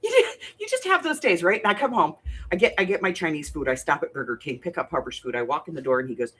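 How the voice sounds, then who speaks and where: Speaking quickly in a low, slightly rough voice, this middle-aged woman runs a crafting livestream. It's casual chat to live viewers: she greets people by name, spins animated stories, and laughs a lot.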